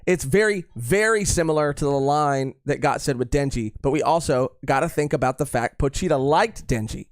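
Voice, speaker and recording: Man, casual podcast co-host, rambling, repeats himself, slightly high voice, dry close sound. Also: moderate pace, hardly any pauses, no echo. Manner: rambling, filler-heavy, repeats phrases. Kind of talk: casual live-stream chat.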